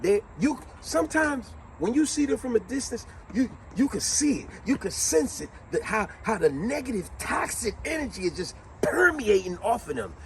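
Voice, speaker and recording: Animated high-voiced man telling stories. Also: moderate pace, few pauses, a little hiss or hum. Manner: animated storytelling, acts out quotes. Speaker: vlogger host. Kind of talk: casual motivational monologue.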